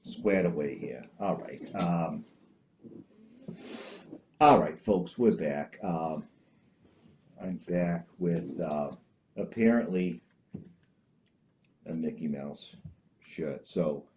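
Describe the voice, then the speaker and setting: Slow, hesitant man hosting a comedy show. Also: low-pitched, a little mellow, slight background noise. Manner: hesitant, full of uh and um, restarts. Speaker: comedy talk show host. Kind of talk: rambling deadpan comedy chat. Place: small home studio with green screen.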